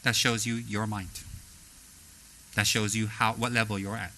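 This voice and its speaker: A man teaching as a spiritual teacher, blunt and straightforward, animated as he acts out the people he talks about. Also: on the low side, moderate pace, a little hiss or hum, poor audio. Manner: animated, mimics people in quoted asides. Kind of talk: dharma talk.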